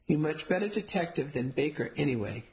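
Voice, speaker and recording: A woman's voice: low voice, expressive, fairly quick, a little mellow, low-quality recording. A woman voicing a blunt elderly woman who speaks clipped, broken English.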